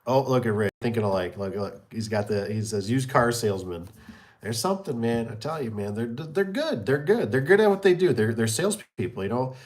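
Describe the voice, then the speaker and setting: Hosting a casual live stream, a small business owner rambles through stories about his company, repeating himself and mimicking the people he quotes. His medium-pitched voice is expressive and brisk, with a darkish tone.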